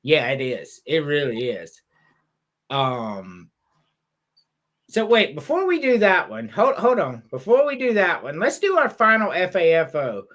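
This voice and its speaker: A male podcast host chats casually, laughing and cursing as he tells stories. His pitch rises and falls all over the place. He sounds relaxed and playful. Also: unhurried. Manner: animated, laughing, profane storytelling.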